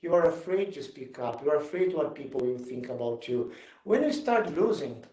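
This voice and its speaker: Male executive speaker, slightly high voice, earnest and emphatic, picked up from a distance in a roomy space. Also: lively intonation, moderate pace, warm tone. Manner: earnest, emphatic, repeats himself in non-native English. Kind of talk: motivational talk and Q&A. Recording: roomy sound from far off the mic.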